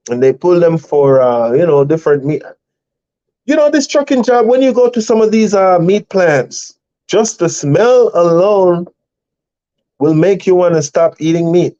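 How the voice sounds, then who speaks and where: A man's voice: sits high, mellow, highs cut off. A man hosting a live stream for truck drivers, telling rambling stories in casual chat and laughing often.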